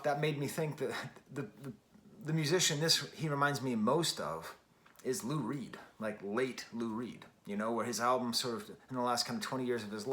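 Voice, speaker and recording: A man's voice: mid-range voice, fairly bright tone. A man giving a casual spoken record review, thinking aloud with many restarts and fillers. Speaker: music reviewer.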